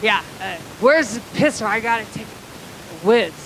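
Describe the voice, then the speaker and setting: A brash, slurring drunk man barks out his demands in a rough voice, as a woman comedian puts him on. The tone is belligerent and loud, with faint hiss on a live club recording. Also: mid-range voice, expressive, a little slow.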